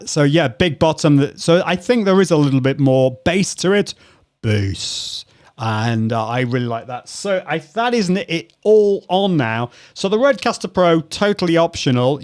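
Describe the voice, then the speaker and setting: A man hosting a live video show, chatting casually as he demonstrates audio settings and reads out viewer comments. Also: medium pitch. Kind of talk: live-stream audio demo with chat.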